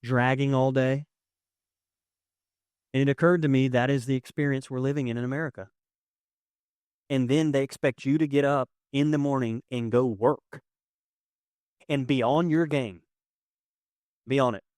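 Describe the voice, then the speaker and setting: A young man preaching a sermon as pastor, conversational and emotional, swinging from loud to hushed. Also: mid-range voice, fairly even intonation, normal speed, pauses often, no echo, studio quality. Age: young adult. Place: church sanctuary with audience.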